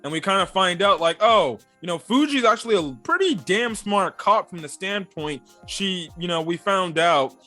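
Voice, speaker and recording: A man's voice: high-pitched, expressive, normal speed, hardly any pauses, sharp tone. A man giving a casual, rambling review of an anime episode, full of fillers and loose asides. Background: faint background music.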